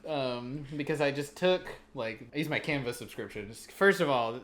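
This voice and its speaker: Man, podcast co-host, casual chat, rambling, swears, mid pitch. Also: animated, moderate pace, fairly bright tone.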